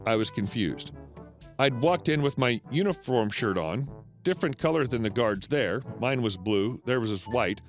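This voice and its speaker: A man narrating online stories in a steady, scripted storytelling read. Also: mid-range voice, normal speed. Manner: steady storytelling read with lively swings into quoted characters. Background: faint background music.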